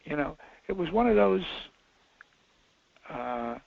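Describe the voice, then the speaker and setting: A man's voice: on the high side, expressive, slow pace, vocal fry, no echo. An older man, a film director and guest, telling rambling anecdotes with restarts and emphatic bursts. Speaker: filmmaker guest. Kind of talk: casual anecdote. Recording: lo-fi audio.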